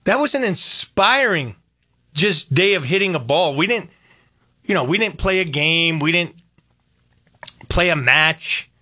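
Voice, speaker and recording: An older man hosting a radio show in casual chat, telling stories with animated repetition. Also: a little high, unhurried, pauses often, dry recording, studio quality. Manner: animated, storytelling, repeats phrases. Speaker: radio host.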